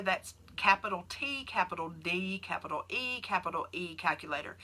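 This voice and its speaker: A woman's voice: lowish voice, sharp tone. A woman with a Southern US accent, chatting casually on a livestream and answering viewer questions as a keto nurse.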